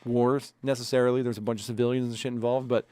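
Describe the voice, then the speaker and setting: A man's voice: mid-range voice, little pitch movement, fast, darkish tone, clean tone, dry recording. Podcast co-host, male, heated and profane, dry close-miked sound. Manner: profane, angry, emphatic. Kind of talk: heated casual podcast rant.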